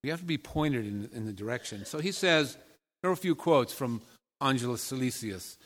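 A man's voice: medium pitch, animated, normal speed. A man preaching a conversational sermon as pastor, often asking the congregation direct questions. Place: church sanctuary. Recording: long reverb of a large hall.

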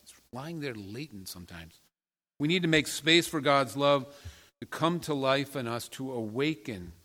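A man's voice: mid-range voice, a bit bright. A man preaching a conversational sermon as pastor, often asking the congregation direct questions. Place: church sanctuary. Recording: long reverb of a large hall.

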